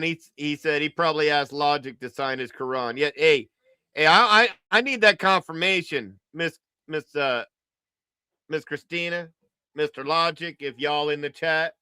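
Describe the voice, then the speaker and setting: A man's voice: fairly high pitch, moderate pace, pushed and bright, smooth, dry recording. A man hosting a livestream, giving casual, joking reaction commentary and repeating his phrases. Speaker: livestream host.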